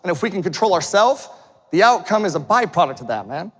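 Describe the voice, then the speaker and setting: A man's voice: sits high, big pitch swings, fairly quick, fairly bright tone, slightly rough, big-room sound. A man giving a fired-up motivational speech to a live audience, intense, swearing and calling people "man" again and again. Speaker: motivational speaker.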